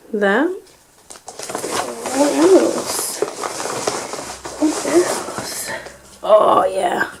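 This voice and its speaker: A young British woman gushes excitedly while vlogging an unboxing and book haul, now and then slipping into a breathy, delighted whisper. Her voice is mid-range, and the low-quality recording has a bit of hiss or hum.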